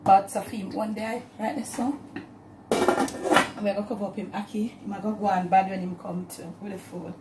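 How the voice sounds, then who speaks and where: A woman from Jamaica with a Jamaican accent, hosting a casual cooking vlog, chatting warmly and slipping into patois. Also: medium pitch, little pitch movement, normal speed, reverberant, heavy background noise. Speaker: cooking channel host.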